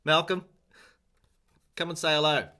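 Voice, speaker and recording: A man teaching a casual live-stream piano lesson, chatty and self-deprecating, chanting rhythms aloud, his voice a little rough with throat-clearing and coughs. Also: fairly high pitch, steady tone, unhurried, bright, forceful tone. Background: piano playing.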